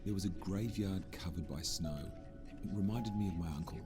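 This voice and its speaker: A man voicing a video game narrator who calmly recounts a lonely winter run in the woods. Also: low-pitched, brisk, close to an everyday voice. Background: loud game music.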